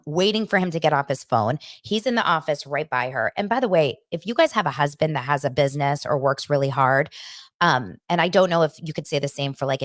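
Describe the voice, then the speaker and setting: A woman hosting a podcast, chatting in a gossipy, animated way as she recaps a reality show. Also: low voice, no echo, studio quality. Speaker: podcast host.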